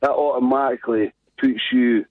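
A man's voice: medium pitch, fairly even intonation, moderate pace, no room sound. A man with a Scottish accent calling in to a radio show, chatty and rambling as he tells a story. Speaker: caller. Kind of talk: phone-in call. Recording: tinny phone line.

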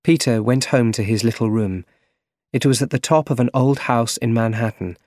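A man narrating an easy-English story for learners, reading clearly and carefully. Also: mid-range voice, steady tone, moderate pace, darkish tone, no echo, studio quality. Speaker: audiobook narrator.

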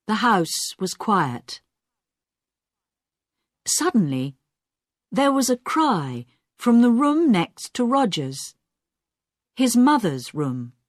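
Very slow, deliberate woman narrator. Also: mid-range voice, no echo, clean studio sound. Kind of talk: slow graded-reader story narration.

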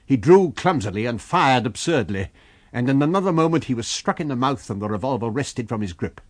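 A man narrating a novel in a measured storytelling manner. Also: medium pitch, lively intonation, no echo. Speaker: audiobook narrator. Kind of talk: scripted narration.

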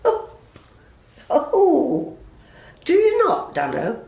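A woman's voice: sits high, wildly swooping pitch, extremely slow, creaky, dark tone, full character voice. A woman playing blunt, hurt friend. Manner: blunt, emotional, slangy. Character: blunt, wounded working-class woman friend. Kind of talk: audio drama acting. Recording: roomy echo.

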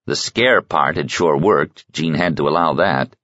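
Man, very low voice, audiobook narration, dry dull lo-fi sound. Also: a little slow, few pauses, fairly bright tone, no echo. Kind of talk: scripted narration.

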